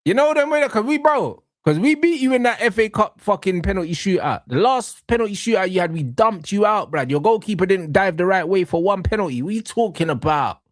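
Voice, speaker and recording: Animated man trash-talking football. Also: high-pitched, brisk, hardly any pauses, no room sound, clean studio sound. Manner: mocking, slangy, animated trash talk. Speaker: reaction channel co-host. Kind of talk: casual football banter.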